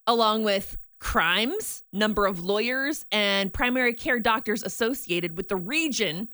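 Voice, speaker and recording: A woman's voice: medium pitch, animated, a little slow, sharp tone, smooth. A woman from the US Midwest co-hosting a morning radio show, chatting casually and playfully, often laughing.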